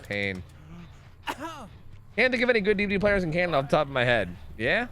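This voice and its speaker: This young man's voice is high-pitched and a bit bright, with wildly swooping pitch and a slightly fast delivery. Streaming a game, he swears freely, says "like" constantly, and restarts sentences while casually reacting and answering his chat.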